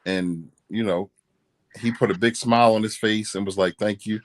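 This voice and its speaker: A man's voice: on the low side, fairly even intonation, moderate pace. A married man chatting casually as a co-host, telling a story in a laid-back, earnest way, often saying "you know what I'm saying". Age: adult.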